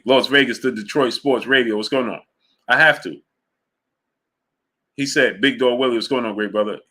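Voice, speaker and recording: A man running a live boxing talk stream with a bright, forceful voice. He keeps greeting viewers by name between points and pushes his pitch up when he argues a case. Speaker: boxing talk show host. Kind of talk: live-stream chat reading super chats.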